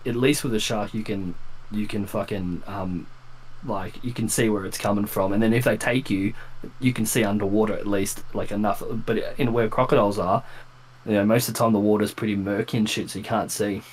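A man's voice: fairly low pitch, fairly even intonation, fairly quick, slightly rough, rough recording. A man with an Australian accent, a guest chatting casually on a podcast, laid-back and slangy, swearing freely.

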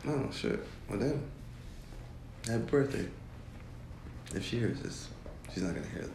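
A man's voice: mid-range voice, unhurried, vocal fry. A man hosting a casual podcast chat, goofy and joking, talking into a studio mic. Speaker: podcast host. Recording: echoey room with faint noise.

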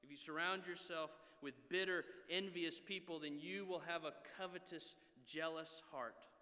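A man in his thirties preaching a sermon, earnest and exhorting, often checking in with his listeners with a quick "right?". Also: high voice, sharp tone. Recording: long reverb of a large hall.

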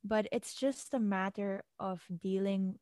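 A woman's voice: medium pitch, unhurried, a little mellow, dry recording. Woman, podcast co-host, casual chat, says "dude", dry close mic. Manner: chatty, supportive, says "like" and "dude". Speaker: podcast co-host reading listener letters.

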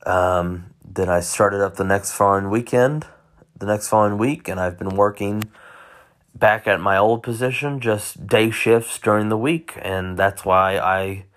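Deep-voiced man rambling on his podcast. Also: fairly bright tone. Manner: rambling, many restarts and self-corrections. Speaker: podcast host. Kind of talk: casual solo monologue.

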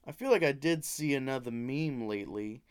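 A man's voice: mid-range voice, moderate pace, clear, resonant tone. A young man co-hosting a casual comedy podcast, rambling through crude jokes. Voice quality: crude, rambling jokey delivery. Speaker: podcast co-host.

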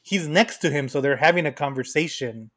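A man with a somewhat raised voice chats casually as a podcast co-host. He retells movie scenes with animated energy and laughs easily. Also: on the high side, a little fast. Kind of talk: casual chat.

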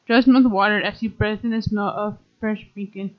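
A woman's voice: medium pitch, fairly even intonation, normal speed, few pauses. A woman hosting a podcast, reading a children's storybook aloud with frequent stumbles and self-corrections. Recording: dull lo-fi recording.

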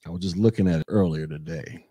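A man's voice: low-pitched, fast talker, breathy edge, dry recording. A man hosting an opinionated commentary podcast, talking sarcastically and straight to his listeners. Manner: sarcastic, animated, addresses listeners as y'all. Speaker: podcast host.

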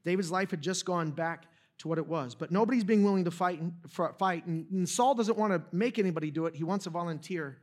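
A man's voice: high-pitched, fast, hardly any pauses. A young adult man preaching a sermon, retelling a story casually with jokes and asides to the audience. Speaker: pastor.

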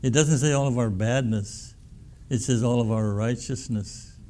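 A man's voice: medium pitch, measured pace, dark tone, slight background noise. A pastor preaching a sermon in a folksy, emphatic way, often repeating his words.

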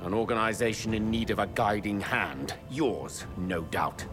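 An actor playing a stern, cold male ambassador who makes sarcastic accusations, heard from a video game over loud music. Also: on the low side, animated, moderate pace, lightly acted. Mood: accusing.

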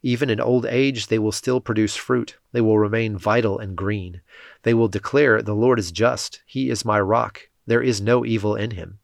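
A man reads scripture in a steady, measured narration. His voice sits low, and the recording is dry with no room sound around it. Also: gravelly, dry recording. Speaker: scripture reader.

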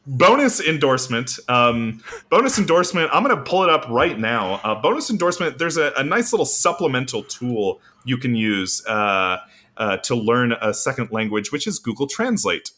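A man's voice: medium pitch, big pitch swings, normal speed, sharp tone. A man co-hosting a casual podcast, rambling with lots of fillers as he explains basic Japanese. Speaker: podcast co-host.

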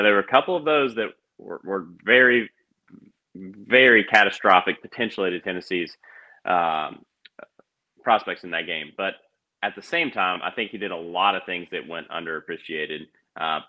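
A man's voice: sits low, lively intonation, normal speed. A man as a podcast guest in casual sports chat, thoughtful and hesitant, often restarting his sentences. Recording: dull lo-fi audio.

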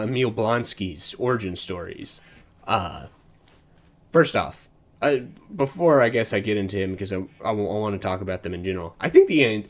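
A man with a somewhat low voice talks into a desk mic as the host of a solo movie review podcast. He rambles casually, restarts his sentences and chuckles often as he goes.

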